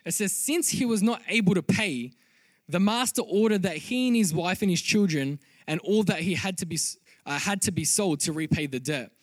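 A man preaching a sermon as a pastor, earnest and rising to loud, emphatic peaks. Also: high voice, normal speed, no echo.

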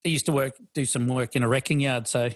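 A man's voice: medium pitch, fairly even intonation, quick pace, no room sound. A middle-aged man co-hosting a podcast, chatting casually with lots of fillers and restarts. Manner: rambling, full of fillers and restarts. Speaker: podcast co-host. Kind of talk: casual chat.

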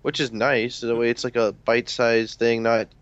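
A man's voice: mid-range voice, level tone, moderate pace, smooth, dry recording. A young man in casual chat, laid-back and drawling, often calling his friend "dude". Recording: dry, dull lo-fi mic.

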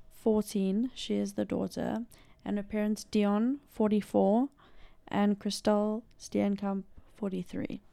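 A woman's voice: mid-range voice, gravelly, dark tone, smooth, no echo, studio quality. A young South African woman narrating a true-crime case in a casual, chatty podcast style with lots of asides. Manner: chatty, filler-heavy storytelling with asides.

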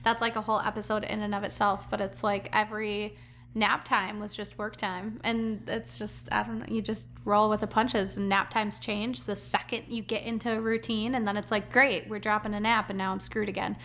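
A woman's voice: medium pitch, level tone, normal speed, fairly bright tone, a little hiss or hum. A woman co-hosting a casual podcast chat, talking in a chatty, filler-heavy way and laughing often. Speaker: podcast co-host and business owner.

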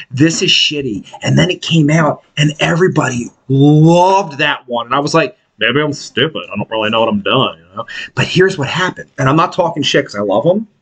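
A man's voice: fairly high pitch, breathy edge. A man co-hosting a podcast, telling stories in casual chat and acting out what other people said. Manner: animated storyteller who acts out other people's lines. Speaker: podcast co-host.

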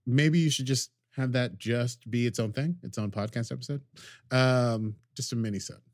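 Male podcast co-host, mid-pitched, dry close sound, rambling, jokey recap delivery. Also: moderate pace, dry recording. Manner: rambling, jokey, acts out characters' lines. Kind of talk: casual recap chat.

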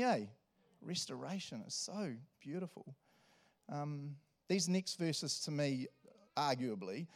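Lively New pastor. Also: male voice, mid-range voice. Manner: animated, laughs often, acts out quotes. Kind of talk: sermon.

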